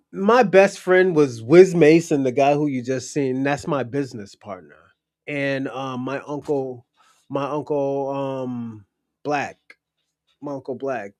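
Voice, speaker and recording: A man's voice: mid-range voice, a little mellow, dry recording, studio quality. Blunt, profane man talking straight into the mic. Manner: blunt, profane, rambling storytelling. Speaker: livestream host. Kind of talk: casual livestream chat.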